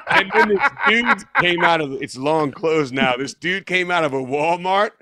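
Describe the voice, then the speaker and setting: A man's voice: a little high, animated, moderate pace, bright, forceful tone. A man in his fifties telling a long story in casual conversation, rambling and correcting himself, laughing as he goes. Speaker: guest musician.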